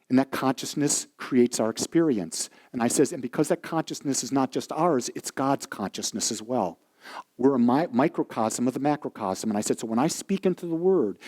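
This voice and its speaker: A male minister giving a sermon, telling stories and acting out the voices of the people in them. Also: on the high side. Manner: animated storyteller acting out quoted voices. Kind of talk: sermon with storytelling.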